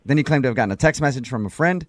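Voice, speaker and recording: A man's voice: medium pitch, expressive, very fast, no echo, studio quality. A man hosting a morning radio show, blunt and teasing with his co-host and callers.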